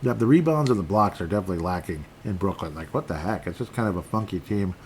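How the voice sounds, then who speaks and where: A man's voice: deep voice, lively intonation, quick pace, a little hiss or hum. A middle-aged man hosting a casual sports podcast, rambling through stats with frustrated, self-deprecating asides. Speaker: podcast host.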